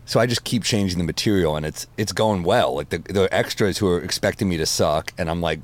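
Low-voiced man telling stories. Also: a little fast. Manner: animated, swearing, laughing at own stories. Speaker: comedian guest. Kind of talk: casual podcast storytelling.

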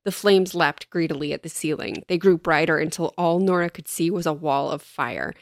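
A woman's voice: deep voice, normal speed, vocal fry, no room sound, clean studio sound. A woman in casual podcast chat, reading horror passages aloud dramatically and laughing often. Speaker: podcast co-host recapping a book.

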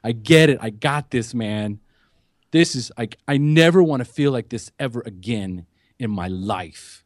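A man's voice: medium pitch, animated, measured pace, dry recording, studio quality. Earnest man telling a raw story. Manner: emotional, earnest storytelling with profanity. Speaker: podcast guest. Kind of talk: candid recovery story.

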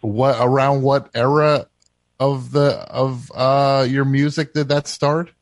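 A man hosting a call-in comedy radio show, asking deadpan, halting questions. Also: medium pitch, no room sound. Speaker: host. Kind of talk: casual call-in radio chat.

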